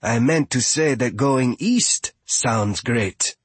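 A tough young warrior woman, as a male narrator puts her on, gruff and growling but quick to fluster. Husky and dry, pitched above his normal voice. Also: dry recording. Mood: backpedaling.

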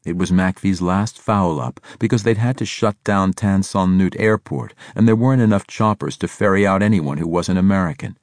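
Man narrating an audiobook, very deep voice, dry close sound, steady measured reading. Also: dry recording. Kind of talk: scripted narration.

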